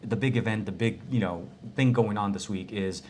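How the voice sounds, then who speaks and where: A man's voice: fairly low pitch, moderate pace, a little mellow, slight background noise. Chatty man co-hosting a tech podcast. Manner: chatty, laughs often, many restarts. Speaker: podcast co-host. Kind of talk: casual tech podcast chat. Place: small cozy room.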